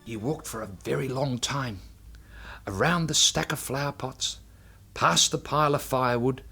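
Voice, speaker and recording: A man narrating a children's story in an expressive, animated way. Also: mid-range voice, moderate pace, vocal fry, breathy edge, faint music behind. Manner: expressive, building to excited shouting.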